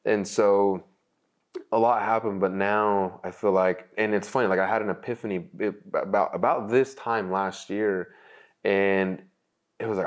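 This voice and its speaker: A man's voice: fairly low pitch, steady tone, measured pace. A young man, an interview guest, telling his life story with many likes and restarts, at times emotional. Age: young adult.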